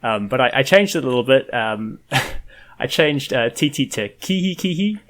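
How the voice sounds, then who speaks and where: A man's voice: medium pitch, animated, moderate pace, fairly bright tone. A man hosting a casual podcast, talking with lots of fillers and restarts. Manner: hesitant, many fillers and restarts. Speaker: podcast host.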